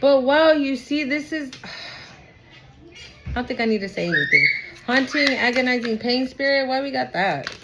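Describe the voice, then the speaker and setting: A woman's voice: sits high, animated, measured pace, long pauses. A woman giving a casual tarot reading to her viewers, chatty and emotional, often trailing off and restarting. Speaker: tarot reader. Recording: background noise.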